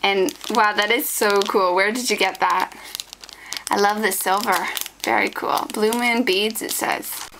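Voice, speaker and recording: A woman's voice: mid-range voice, unhurried, gravelly, background noise. A woman vlogger chatting casually as she unwraps a package of scrapbooking supplies, gushing with delight. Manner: gushing, excited, addresses viewers as guys. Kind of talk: casual unboxing chat.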